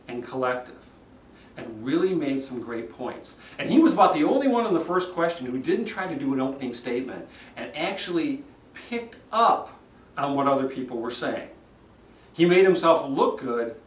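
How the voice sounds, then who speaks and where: A man critiques speeches as a public speaking coach, acting out the habits he points to. His fairly high voice swings widely in pitch. The sound is roomy, picked up by a mic a few steps away. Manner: animated, demonstrates delivery himself. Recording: roomy echo, mic at a distance.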